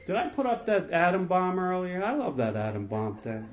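Enthusiastic male preacher, fairly high voice. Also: animated, normal speed, dull audio, soft background music. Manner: enthusiastic and emphatic, with repetitions. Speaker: pastor. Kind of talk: sermon.

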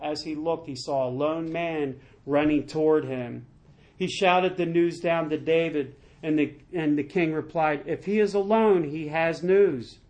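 Male pastor with a high voice, animated preaching with playful asides and repeated words. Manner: animated, breaks into acted-out asides; repeats words when searching for them. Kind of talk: sermon with scripture reading.

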